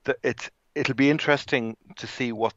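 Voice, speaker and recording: A man's voice: medium pitch, steady tone, normal speed, a bit bright, dry recording, dull audio. A man co-hosting a podcast in casual football chat, rambling with many restarts. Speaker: podcast co-host.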